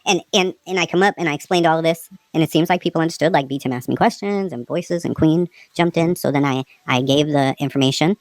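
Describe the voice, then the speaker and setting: Boston-accented woman, low and dry, profane angry rant on a live panel. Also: no echo, poor audio. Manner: angry, profane, rapid rants. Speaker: livestream panelist. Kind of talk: heated livestream panel talk.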